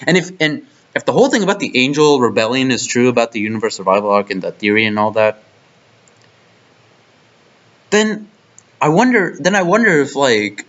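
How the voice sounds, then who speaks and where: A man's voice: mid-range voice, sing-song, a little fast, pauses often, a bit bright. A young man reviewing an anime arc in a profane, exasperated rant full of restarts. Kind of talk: ranting video review. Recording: dull lo-fi mic.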